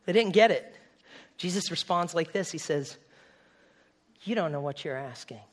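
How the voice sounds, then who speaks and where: A man from New England preaching a sermon in a conversational, animated way, acting out quick asides. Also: fairly high pitch, slight background noise. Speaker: pastor.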